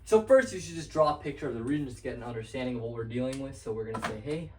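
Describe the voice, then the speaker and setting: A young man explains math at a whiteboard in a casual, meandering way, stopping and restarting his sentences. His voice sits at a middling pitch. The room around him rings with noticeable echo. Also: lively intonation, rapid-fire, background noise. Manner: loose and rambling, with many fillers and restarts. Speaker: math tutor. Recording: echoey room.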